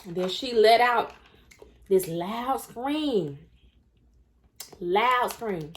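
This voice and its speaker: A woman casually telling a story while eating on camera, chatty and animated, calling the listener honey. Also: fairly high pitch, extremely slow, slight background noise. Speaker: mukbang storyteller.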